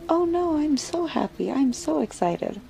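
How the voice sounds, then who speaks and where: A woman's voice: medium pitch, normal speed, vocal fry, warm tone, slight background noise, poor audio. A woman voicing a guarded, wary pregnant wife who talks hesitantly.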